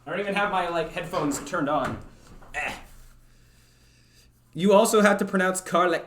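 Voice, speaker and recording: A man's voice: high voice, moderate pace, long pauses, a bit bright, slight background noise. A young man from Canada streaming live, chatting casually and rambling with many fillers and stammered restarts. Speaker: livestreamer.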